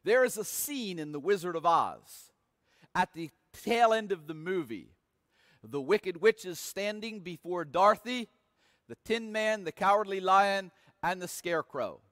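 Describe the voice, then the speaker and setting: A man preaches slowly and deliberately, his voice sitting high for a man. He leans hard into dramatic, emphatic readings of scripture. The sound carries a long reverb, as in a church sanctuary. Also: animated, a bit bright, studio quality. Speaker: pastor. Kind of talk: sermon.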